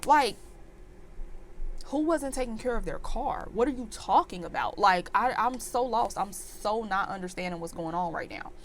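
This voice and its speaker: A woman in her twenties telling a storytime vlog in an animated, exasperated rant full of fillers. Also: mid-range voice, normal speed, a little hiss or hum. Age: 20s. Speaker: vlogger.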